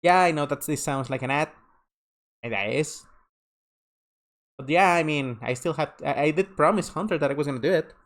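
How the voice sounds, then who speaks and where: A man's voice: fairly high pitch, moderate pace, long pauses. A man chatting casually on a live game stream, rambling and tripping over his words. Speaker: streamer playing a story game. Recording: game music under the voice. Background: game music.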